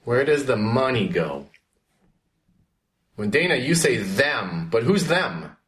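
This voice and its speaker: A man's voice: mid-range voice, big pitch swings, takes it slowly, a bit bright. A man teaching a class, asking questions and calling on students by name. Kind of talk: classroom history lesson.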